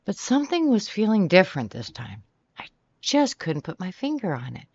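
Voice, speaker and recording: A narrator reading a first-person novel in a steady, even storytelling manner. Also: medium pitch, moderate pace, no echo. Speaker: audiobook narrator. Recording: dry, slightly muffled sound.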